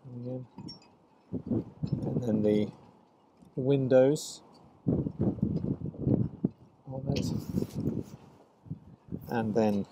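Male plein air painter, average pitch, casual halting commentary, loud wind roaring on the mic. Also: fairly even intonation. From Scotland. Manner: talks to himself while painting, halting and repetitive. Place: outdoors by a harbour on a windy day. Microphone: wireless clip-on mic. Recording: loud wind noise outdoors.

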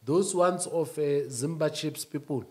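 A man speaking as a union-leader guest, emphatic, rising to shouts and then dropping low. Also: unhurried. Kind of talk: animated interview talk.

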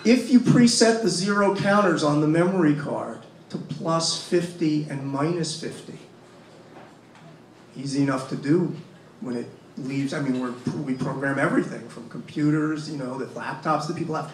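A man speaking at a panel, emphatic and fond of rhetorical questions, with a voice pitched a little high. He is picked up from some distance in a reverberant room with a faint hiss behind him. The delivery is insistent and repetitive. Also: moderate pace. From Massachusetts, US. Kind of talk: impassioned panel talk. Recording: echoey room, mic from far off.

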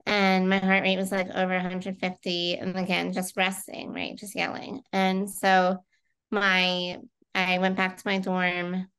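A woman's voice: on the low side, monotone, a little slow, a bit bright, smooth. A woman in her thirties, a guest in a casual interview, telling her own story in a chatty way with frequent fillers.

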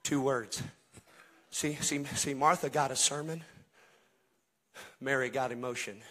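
A man's voice: mid-range voice, measured pace, a bit bright. A male pastor, preaching in a church in a folksy way and calling out to his congregation. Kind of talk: Pentecostal-style preaching to a congregation. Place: church sanctuary.

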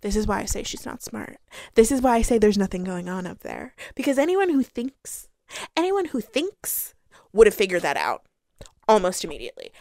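A woman's voice: mid-range voice, very animated, normal speed, darkish tone, dry recording, studio quality. A woman giving a casual, sarcastic and exasperated rant review of a book on her channel.

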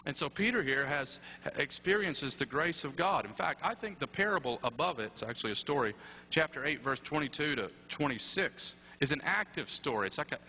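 Bright-voiced man preaching in an echoey chapel. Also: fairly high pitch. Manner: conversational, with tag questions and wry asides. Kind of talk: sermon. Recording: echoey chapel with faint hum.

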